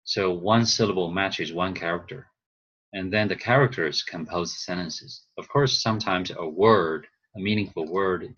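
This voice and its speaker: A man whose first language is Chinese, teaching a class over a video call and explaining slowly with frequent pauses and fillers. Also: sits low, a bit bright, husky, muffled recording. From China. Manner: slow, hesitant, thinking aloud with fillers. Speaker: instructor.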